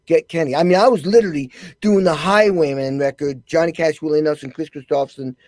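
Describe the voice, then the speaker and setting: A man with a slightly high voice tells stories as a guest on a talk show. He acts out other people's lines with animated jumps in pitch. The sound is dry and close. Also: quick pace, no room sound. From United States. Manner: animated storyteller, acts out quotes in raised voices. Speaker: guest drummer. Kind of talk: casual interview storytelling.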